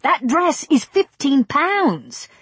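A woman voicing a brash, pushy male film director with a Cockney accent and a forceful, overly compelling voice. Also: high-pitched, big pitch swings, takes it slowly, dry recording, voice pushed up, full character voice. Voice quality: forceful, a little too compelling.

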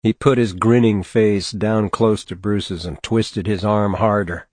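A man narrating a novel in a measured, steady audiobook reading on a close mic. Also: lowish voice, dry recording. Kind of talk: scripted narration.

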